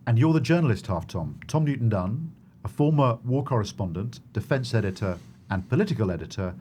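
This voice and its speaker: A middle-aged man, a retired army general co-hosting a podcast, giving measured, authoritative analysis. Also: mid-range voice, expressive, mellow, slight background noise.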